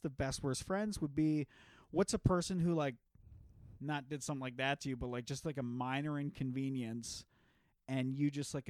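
A man's voice: medium pitch, a little mellow, no room sound. Laughing, swearing man on a podcast. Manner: laughing, profane storytelling. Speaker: podcast co-host. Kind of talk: casual chat.

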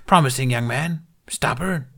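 A man's voice: mid-range voice, unhurried, a bit bright, voice pushed up. A man voicing an ancient, small, wise male Jedi master who speaks with inverted word order in a fan fiction reading. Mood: sage.

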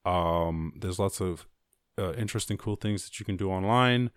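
A man's voice: low-pitched, moderate pace, smooth, no room sound, studio quality. A male podcast host freestyle rhyming in a playful, rambling way, then chatting casually. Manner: playful, rambling, breaks off laughing at his own rhymes.

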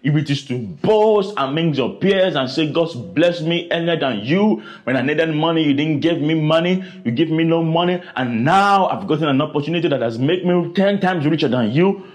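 Brief: male preacher, fiery sermon delivery, slightly high voice, very animated. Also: normal speed, hardly any pauses. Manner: dramatic preaching with sudden high exclamations and repetition.

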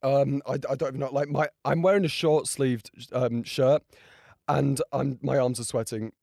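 A young man with a hoarse, strained voice, talking through a race in a casual, excitable and rambling way, full of fillers and restarts. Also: mid-range voice, normal speed, no echo, clean studio sound. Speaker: motorsport video creator. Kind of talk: casual reaction and race breakdown.

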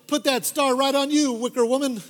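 A pushy, insistent man handing out rewards, as a storyteller puts him on. Brisk and high, ringing in a big reverberant hall. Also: fairly even intonation. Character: pushy man handing out stars, growing frustrated.

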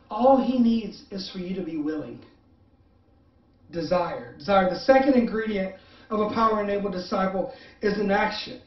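A male pastor preaching a sermon for an online service, moving between emphatic repeated appeals and soft, halting personal asides. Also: high-pitched. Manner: drops to soft, hesitant confessional tone with many fillers. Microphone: online service stream. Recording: roomy, distant, muffled sound.

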